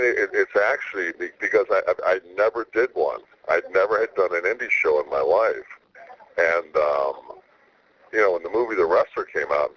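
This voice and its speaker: Very deep-voiced laid-back man. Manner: rambling, with many stammered restarts. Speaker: wrestler guest. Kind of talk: casual interview talk. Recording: slightly muffled radio audio with faint hiss.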